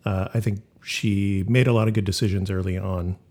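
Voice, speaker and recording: A man's voice: sits low, fairly even intonation, moderate pace, a little mellow. A man chatting casually about movies on a podcast, blunt and profane, with a mocking edge. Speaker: podcast co-host. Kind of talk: casual chat.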